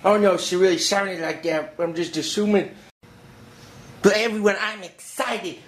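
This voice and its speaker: A man hosting a drawing tutorial from home, talking in an excitable, rambling, hyper way. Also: high-pitched, unhurried, a little hiss or hum. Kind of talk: casual drawing lesson. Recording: echoey room.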